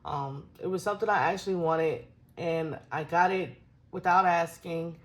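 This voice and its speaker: A woman's voice: on the low side, normal speed. A young woman chatting through her planner pages, rambling, laughing often and getting emotional. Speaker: planner vlogger.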